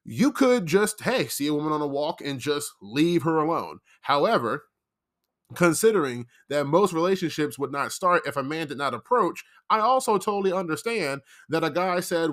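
A young man with a fairly high voice talks straight to camera in a casual commentary video. He rambles and circles back on himself, defending his point with emphatic repetition. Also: expressive, normal speed, a bit bright. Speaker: commentary vlogger.

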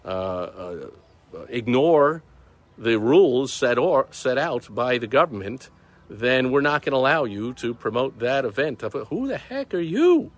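A man's voice: mid-range voice, animated, unhurried. A man hosting a casual business video, talking outdoors in a light breeze, emphatic and sarcastic, repeating words for stress. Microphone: phone or camera recording himself.

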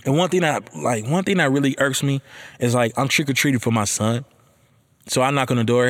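A man hosting a podcast, telling a story about being a father in a casual chat, profane and heated, ranting with animated energy. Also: mid-range voice, fairly quick. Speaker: podcast host.

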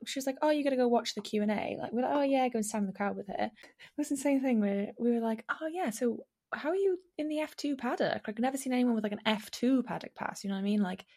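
Young woman podcast co-host, slightly high voice, lively storyteller quoting others. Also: racing. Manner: animated storytelling, acting out quotes, many fillers. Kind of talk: casual chat.

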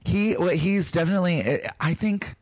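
A man from North Carolina with a Southern accent, chatting casually as a podcast guest and slipping into quick mock voices. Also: sits high, dry recording.

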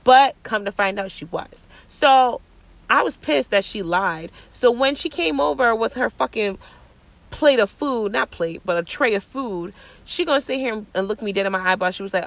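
A young woman hosting her own show, telling a casual story in a blunt, profane, animated way. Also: on the high side, moderate pace, gravelly. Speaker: podcast host.

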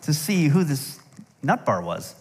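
A man's voice: a little high, huge pitch swings, a little slow, darkish tone, slightly rough. A middle-aged man preaching a sermon, telling stories with humor and asides. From United States. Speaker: pastor. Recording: long hall reverb.

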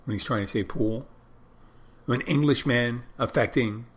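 A man's voice: mid-range voice, takes it slowly, pauses often, a bit bright, slightly rough. A man talking in a loose, casual monologue, often breaking off and restarting his sentences as he thinks aloud. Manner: rambling, self-interrupting, conversational.

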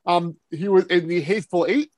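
A man's voice: sits high, moderate pace, darkish tone, no room sound. A man hosting a podcast, chatting enthusiastically and laughing often. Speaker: podcast host. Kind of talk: casual chat.

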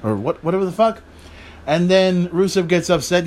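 This podcast host rants casually about wrestling, rambling in a profane and exasperated way. His voice is high-pitched and his pace is moderate.

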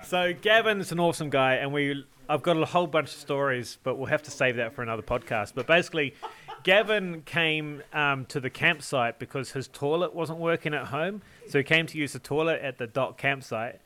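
A man's voice: fairly high pitch, brisk, pushed and bright. A man co-hosting a podcast, telling a long story in a chatty way, often laughing and repeating words as he goes. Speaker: podcast co-host. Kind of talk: casual storytelling.

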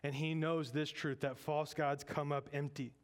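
A man preaching a sermon in a lively, conversational way, with joking asides. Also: a little high, moderate pace. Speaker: pastor.

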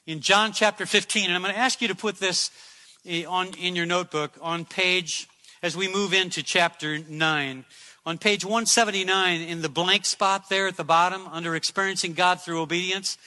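A man's voice: high voice, steady tone, normal speed, pushed and bright, big-room sound. A man preaching a sermon in an emphatic style, repeating phrases for effect. He speaks from a church sanctuary.

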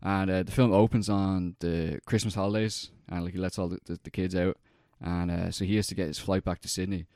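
Rambling man, low dry voice. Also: level tone, fairly quick, hardly any pauses, darkish tone, no echo. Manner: rambling, profane, heavy on fillers. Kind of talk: casual chat.

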